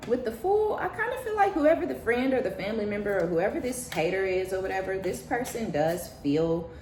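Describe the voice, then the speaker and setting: A woman's voice: fairly low pitch, darkish tone, slight background noise. Profane, blunt woman reading tarot. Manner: blunt and profane, acts out quoted voices. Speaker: tarot reader. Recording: echoey room with faint ambience.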